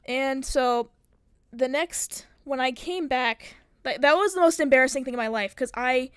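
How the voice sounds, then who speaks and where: A woman's voice: fairly high pitch, clear, resonant tone, no room sound, clean studio sound. A young woman streamer telling a long story in casual chat, rambling, swearing and acting out what people said. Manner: swearing, rambling, acts out quotes.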